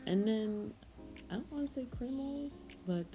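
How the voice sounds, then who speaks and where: With music in the background and rough audio, a woman talks through her own drawing process in a loose, wandering voice-over. Her slightly high, expressive voice moves at a moderate pace, with frequent hesitations and self-corrections.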